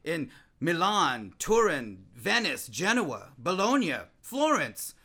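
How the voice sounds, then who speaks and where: An actor playing a restless, talkative man-about-town who gets excited and trips over his own words. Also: fairly high pitch, slow, slightly rough, full character voice. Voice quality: voluble and excitable, with frequent restarts. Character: restless, voluble man-about-town, nervous and self-mocking. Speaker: actor in a play. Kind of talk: theatrical stage-play acting.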